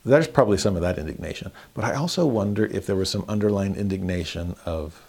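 A man teaching a verse-by-verse scripture lesson in a conversational way, chuckling often and rising in pitch for emphasis. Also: quick pace, vocal fry, darkish tone, breathy edge.

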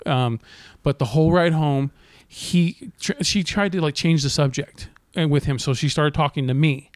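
A man's voice: a little high, moderate pace, no echo. Podcast co-host, man, swears a lot, acts out the voices in his stories, dry close mic. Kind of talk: casual podcast chat.

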